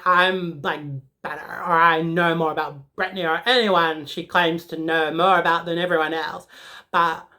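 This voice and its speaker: Woman playing a dramatic teen schoolgirl, rambly, filler-heavy, slow deliberate delivery, forceful bright tone. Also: on the low side. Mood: sassy. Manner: rambling, peppered with "like", emotional. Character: sassy, dramatic teenage schoolgirl. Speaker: comedic character. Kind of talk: comedic character monologue.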